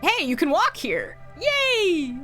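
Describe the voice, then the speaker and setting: A woman's voice: very high voice, huge pitch swings, takes it slowly, bright, forceful tone, soft background music. A woman streaming a video game, chatting playfully and swearing casually as she plays. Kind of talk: casual let's-play commentary.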